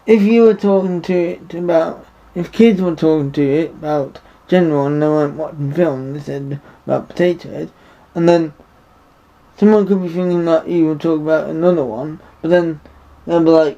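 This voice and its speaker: Man, high-pitched, mellow tone, rambling opinion vlog, dull lo-fi sound. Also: moderate pace. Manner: rambling, repeats himself, indignant. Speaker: vlogger. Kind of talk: opinion monologue to camera. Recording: dull lo-fi recording.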